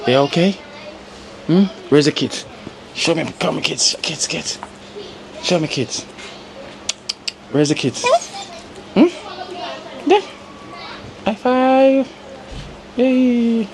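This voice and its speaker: A Jamaican woman with a low, unhurried voice chats casually and teasingly, repeating short phrases. Steady noise sits behind her outdoor recording. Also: vocal fry. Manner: teasing, repeats herself, talks to dogs. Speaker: vlogger. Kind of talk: casual chat.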